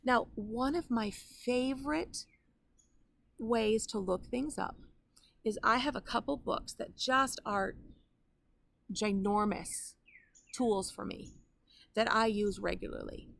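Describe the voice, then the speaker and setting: A woman's voice: on the high side, slow, vocal fry, pauses often, fairly bright tone. A woman, a grandmother in her fifties or older, teaching the Bible online in an earnest, conversational way with personal asides.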